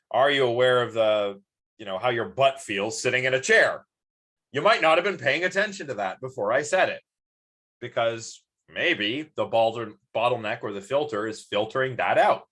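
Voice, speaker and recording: A man giving a live-streamed lecture, chatty and rambling, with many ums and restarts. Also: mid-range voice.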